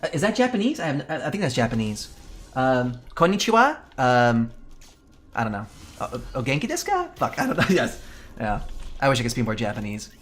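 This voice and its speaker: Brief: male game streamer, mid-pitched, swears a lot, rants loudly, then reads chat. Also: fast. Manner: profane, animated ranting; chatty, reads and answers chat. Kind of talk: casual live-stream chat.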